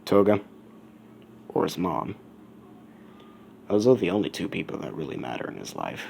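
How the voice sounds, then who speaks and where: A man's voice: sits low, sing-song, normal speed, vocal fry, a little mellow, slight background noise. A man telling a fan story in a casual, rambling way, with self-correcting asides. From United States.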